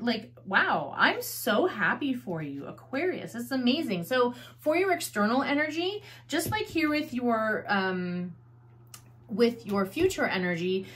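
Gushing woman giving a slow tarot reading. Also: medium pitch, a bit bright. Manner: gushing, effusive encouragement with many fillers. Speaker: tarot reader. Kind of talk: tarot card reading to camera.

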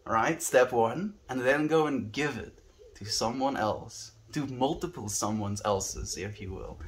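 A man's voice: medium pitch, expressive, measured pace. Earnest South African man, livestream chat. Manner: earnest, musing, reads chat aloud.

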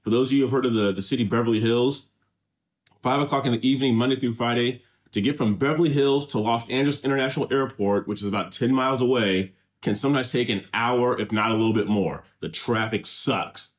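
A man's voice: medium pitch, quick pace. Easygoing Californian man reading comments. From Southern California. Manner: easygoing, rambling, jokey. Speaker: reaction show co-host. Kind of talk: casual chat, reading comments aloud.

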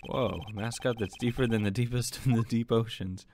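A man's voice: mid-range voice, steady tone, moderate pace, darkish tone, slight background noise. A man giving casual, irreverent let's play commentary and reading game dialogue, swearing and laughing at himself. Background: game music.

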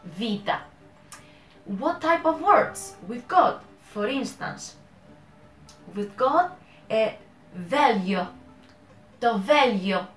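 A woman with a Spanish accent and Spanish as her first language, hosting a casual language-learning vlog. She corrects herself often, laughs at her own mistakes and keeps checking in with "okay?". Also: medium pitch. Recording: roomy echo with faint music.

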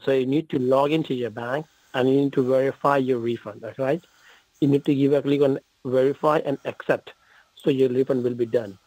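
A man's voice: medium pitch, darkish tone, slightly rough, dry recording, rough recording. A man on a scripted support call, polite and repetitive, addressing the listener as sir. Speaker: phone scammer.

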